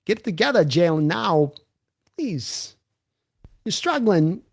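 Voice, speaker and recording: A man putting on an impression of a mournful older man who speaks in slow, broken-up phrases with odd pauses. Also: high voice, big pitch swings, vocal fry, slightly rough, voice pushed up, full character voice.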